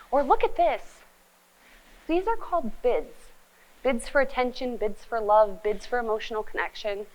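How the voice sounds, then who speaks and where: A middle-aged woman coaching couples in a lively, joking talk who acts out what partners say. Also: mid-range voice, rough recording. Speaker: relationship speaker and life coach. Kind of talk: motivational talk.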